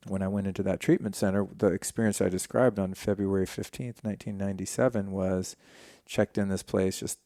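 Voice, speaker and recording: A man's voice: sits low, fairly quick, hardly any pauses, no echo, clean studio sound. A man in his forties, a podcast guest, candidly telling a personal story in a casual, profane way. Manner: candid, profane, animated retelling.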